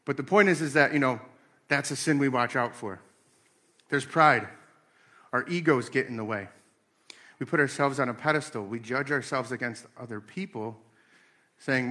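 Bright-voiced man in his thirties. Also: medium pitch, normal speed, pauses often. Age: 30s. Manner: animated storytelling with acted-out voices. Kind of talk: casual faith talk.

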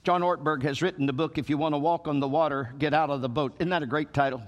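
A man preaching from the pulpit with a notably high voice. He swings from slow, stretched phrases to emphatic surges, and the sound rings with the long reverb of a large sanctuary. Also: steady tone, dull audio. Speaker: pastor. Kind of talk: sermon.

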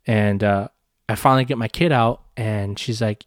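A man's voice: mid-range voice, fairly quick, clean tone, no room sound, studio quality. A man hosting a podcast, telling a story in a casual monologue. He rambles, swears freely and often restarts his sentences. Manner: rambling, profane, many restarts. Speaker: podcast host.

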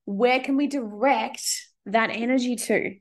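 A woman's voice: a little high, unhurried. A woman talking casually in a studio as a spiritual podcast host, chatty and swearing freely as she acts out inner voices. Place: studio with windows.

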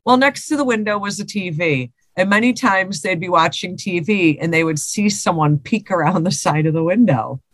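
A woman's voice: on the low side, normal speed, few pauses, no echo. A woman co-hosting a podcast, chatting casually and reading listener stories aloud with laughs and swearing. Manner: laughing, swearing, repeats herself.

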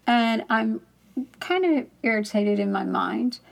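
Candid woman with a gravelly voice. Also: a little high, animated, takes it slowly. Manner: candid, rambling storytelling with frequent laughs. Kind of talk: casual faith talk, personal story.

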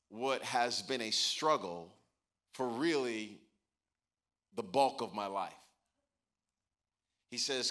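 A man pastor giving a sermon, telling stories and building to emphatic points. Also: fairly low pitch. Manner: storytelling, animated, building to emphatic preaching.

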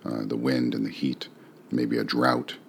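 A man reading a sonnet aloud, then talking through its meaning in a relaxed, musing way with rhetorical questions. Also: rumbling low, measured pace, vocal fry, slight background noise. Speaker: poetry reader and explainer. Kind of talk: poetry reading and casual commentary.

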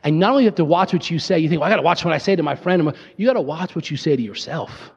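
Male pastor, sermon, high voice, passionate repetition, long church reverb, muffled recording. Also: racing, vocal fry, breathy edge. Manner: impassioned preaching with repetition and relaxed asides. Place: church sanctuary.

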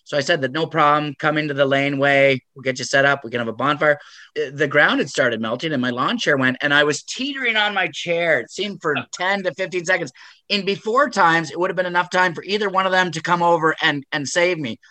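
A man's voice: on the high side, fairly quick, sharp tone, dry recording. A man hosting a casual interview, speaking in an earnest, reflective way. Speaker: podcast host.

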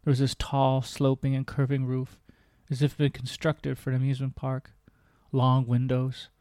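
A man's voice: medium pitch, completely flat delivery, normal speed, dark tone, no echo, studio quality. Earnest man reading his memoir. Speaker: podcast host.

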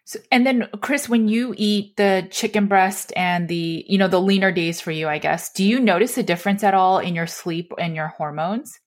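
A woman's voice: mid-range voice, moderate pace, hardly any pauses. A woman interviewer who asks curious follow-up questions in a casual chat.

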